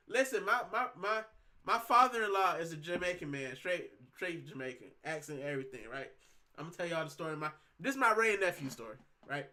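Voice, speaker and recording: A man from Puerto Rico chats casually as a show host, with a high, bright, forceful voice. He tells stories in loose slang and says bro a lot. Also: brisk. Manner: slangy storytelling, keeps saying bro. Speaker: football channel host. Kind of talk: casual chat.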